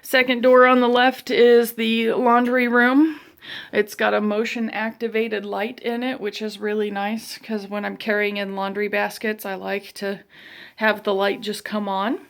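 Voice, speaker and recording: A young woman vlogger gives a casual tour of her own house, moving room to room and narrating with self-deprecating asides. Her mid-range voice is level and measured with vocal fry, and she's a bit out of breath from walking while talking.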